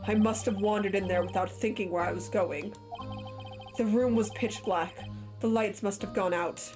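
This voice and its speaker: A woman voicing an old, vengeful male prosecutor, pitching her voice down for him, with game music behind. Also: fairly even intonation, moderate pace, close to an everyday voice. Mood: grim. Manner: voice lowered for the character.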